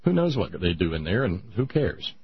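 Sarcastic ranting man, husky voice. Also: low-pitched, very animated, moderate pace, muffled recording. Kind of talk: opinionated monologue.

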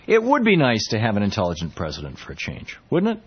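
A man hosting a political talk radio show, speaking in a halting, sarcastic monologue full of restarts. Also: on the low side, huge pitch swings, husky, muffled recording.

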